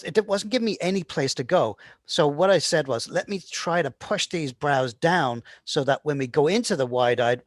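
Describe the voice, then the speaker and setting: This is a man with a voice on the high side, captured as clean studio sound without echo. As an animation instructor, he casually talks through his polishing process in a screen-recorded tutorial, often checking in with "right?".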